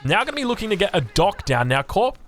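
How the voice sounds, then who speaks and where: An Australian man casting a strategy game match live, talking at a rapid clip in a somewhat high voice. He is excitable and rambling, drifting into chatty asides. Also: soft background music. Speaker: game commentator.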